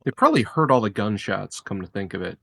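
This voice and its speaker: A man with a low, husky voice chats casually as a player in a tabletop game, repeating words as he asks questions. He sounds a little far from the mic, in a dry setting. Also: big pitch swings, fast talker, pushed and bright, no room sound.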